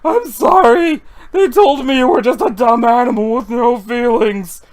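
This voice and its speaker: A webcomic reader voicing a frazzled office clerk who is haunted by a duck and shouts in a panic. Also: medium pitch, very animated, normal speed, natural voice. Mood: panicked. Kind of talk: comic read-aloud.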